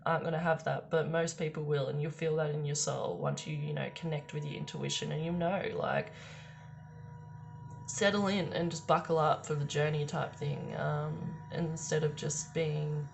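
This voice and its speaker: A woman's voice: low-pitched, steady tone, normal speed, gravelly, a little hiss or hum. A young woman giving a casual tarot reading in a chatty, rambling way, swearing freely and filling gaps with "um" and "like". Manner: rambling, chatty and swearing, with frequent laughs and fillers. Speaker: tarot card reader.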